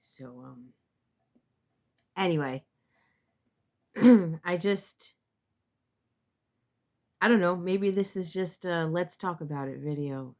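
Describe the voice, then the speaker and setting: Speaking informally to camera, this tarot reader stumbles through her words with frequent fillers and restarts. She seems close to tears, and her pitch sits fairly low.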